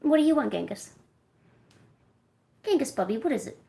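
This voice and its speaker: A woman's voice: sits high, big pitch swings, normal speed, vocal fry, dark tone, breathy edge. A woman streamer chatting casually and coaxing her cats with playful, baby-talk asides. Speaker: art streamer.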